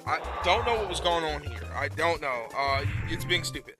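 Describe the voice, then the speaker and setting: A young man streaming a retro game, chatting casually with his viewers, excitable and prone to repeating himself when nervous. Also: on the high side, moderate pace, over music. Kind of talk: casual live-stream chat.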